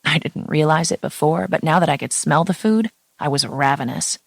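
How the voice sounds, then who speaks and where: A woman reading a first-person romance audiobook in a steady, intimate storytelling voice. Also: low-pitched, moderate pace, creaky, dry recording. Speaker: audiobook narrator.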